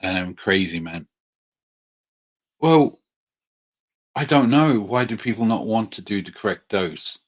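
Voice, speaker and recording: A man with a very deep voice chats casually with viewers on a livestream. He is friendly and hesitant, filling pauses with ums and quick apologies. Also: lively intonation. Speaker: livestream host. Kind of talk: casual live Q&A chat.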